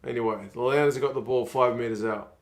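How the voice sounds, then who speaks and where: A man's voice: mid-range voice, steady tone, fast. A man, chatting casually on a live stream while watching rugby and reading out viewer comments.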